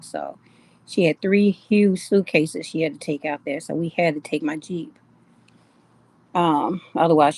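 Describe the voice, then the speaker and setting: A woman's voice: lowish voice, a little mellow, dry recording. Chatty woman hosting a live stream. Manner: chatty, greets viewers by name, laughs often. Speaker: live-stream host of a jewelry shop. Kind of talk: casual live-stream chat with viewers.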